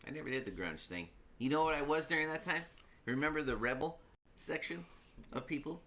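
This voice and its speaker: A man's voice: fairly high pitch, animated, a little fast, fairly bright tone. A man in his thirties hosting a casual live stream, rambling with many fillers and laughing easily. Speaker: host.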